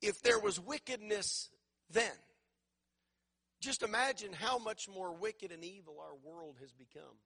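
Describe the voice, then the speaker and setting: A man's voice: sits high, vocal fry, a bit bright, slightly rough. A man preaching a sermon, emphatic, with call-and-response and repeated phrases.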